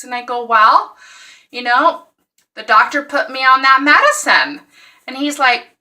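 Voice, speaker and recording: A woman vlogging about her recovery after surgery, telling her story in an exasperated, animated way and acting out the dialogue. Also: high voice, measured pace, far from the mic. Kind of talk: casual personal vlog.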